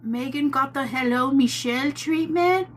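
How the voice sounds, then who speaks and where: A woman's voice: high-pitched, moderate pace, slight background noise. A woman hosting a live tarot stream, talking casually with viewers in a chatty, teasing way and calling them "my love.".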